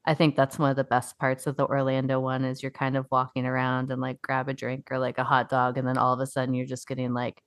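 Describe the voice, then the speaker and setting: A woman's voice: extremely low pitch, monotone, fast talker, few pauses, smooth. A woman co-hosting a podcast, chatting casually with many fillers and frequent swearing. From upstate New York. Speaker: podcast co-host. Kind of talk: casual chat.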